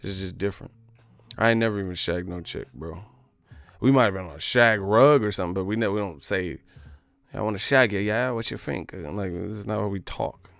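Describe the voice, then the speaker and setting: A man riffs on a live stream in a low voice full of gravelly fry. His talk is loose, profane and jokey, and he laughs easily. The sound is dry and close, with faint music underneath. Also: fairly quick, fairly bright tone, no echo. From United States. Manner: joking, profane, loose slang, laughs often. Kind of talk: casual live-stream chat.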